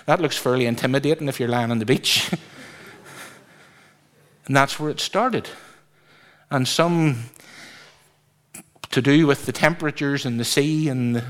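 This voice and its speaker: A man preaching a sermon to a congregation, asking them questions and stretching words for emphasis. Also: fairly high pitch. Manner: lively, drawn-out emphasis, asks congregation questions.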